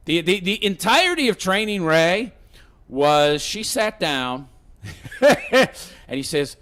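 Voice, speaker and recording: A man's voice: a little high, very animated, slow pace, a bit bright. A man giving a sarcastic, rambling movie rant, full of fillers and restarts. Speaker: film reviewer.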